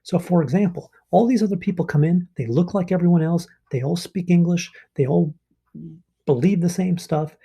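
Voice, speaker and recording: Male teacher, casual explanatory lesson, mellow tone, slightly husky, somewhat high voice. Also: moderate pace. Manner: casual, explanatory, with frequent ums and rhetorical rights. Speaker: history teacher. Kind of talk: recorded online lesson.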